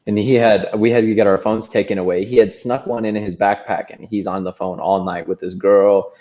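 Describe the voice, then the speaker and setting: A man co-hosting a casual chat, telling a story in a relaxed, hesitant way. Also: lowish voice, brisk. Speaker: podcast co-host. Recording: muffled lo-fi sound.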